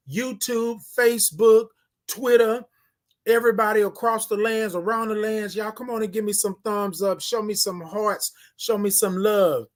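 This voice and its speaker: Man, high voice, casual livestream host, drawn-out sung greetings, calls out to chat, phone camera. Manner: greets viewers by name, repeats phrases, calls out to chat.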